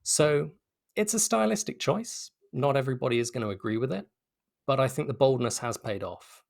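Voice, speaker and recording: A man's voice: medium pitch, animated, normal speed, gravelly. A British man, a game developer, answering interview questions in an enthusiastic, articulate way with frequent restarts. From Britain.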